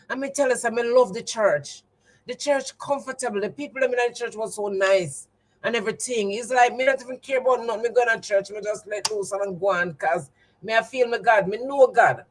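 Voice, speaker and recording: A woman's voice: medium pitch, rough recording. Jamaican woman, livestream storytelling, emphatic, repeats herself for weight, phone mic. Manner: emphatic and repetitive, testimony-like. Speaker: livestream host. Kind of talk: casual storytelling to viewers.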